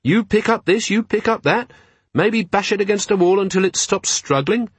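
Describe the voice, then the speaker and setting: A man's voice: on the high side, big pitch swings, a little fast, breathy edge, no echo, voice pushed up. A man voicing an earnest, cheerful young male watchman who talks pleasantly.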